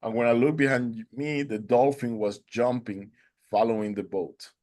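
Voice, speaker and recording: A man's voice: medium pitch, fairly even intonation, moderate pace, a little mellow. A man whose first language is Spanish, earnestly telling a personal story as an interview guest, with non-native English phrasing. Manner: acts out quoted dialogue in a raised voice.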